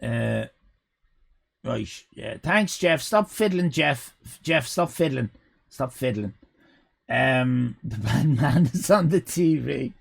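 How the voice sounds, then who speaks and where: An Irish man in his fifties, a live streamer shouting mock-outraged, swear-filled banter at his chat, his voice going hoarse. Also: medium pitch, expressive, slow pace. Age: 50s.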